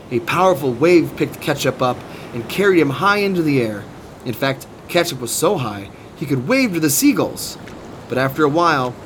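A man reading a children's storybook aloud, expressive and sing-song. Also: medium pitch, poor audio. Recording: steady background noise.

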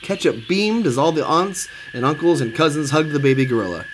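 Brief: male storyteller, lively children's read-aloud, slightly higher voice, steady background noise. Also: a little fast. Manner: expressive, sing-song.

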